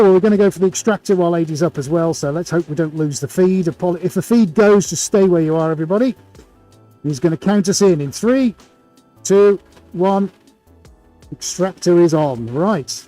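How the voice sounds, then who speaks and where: A man hosts a live painting stream, rattling off greetings to viewers by name and throwing in jokey asides. His voice sits a little high but has a warm, mellow tone. Soft music plays quietly behind him. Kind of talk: casual live-stream chat.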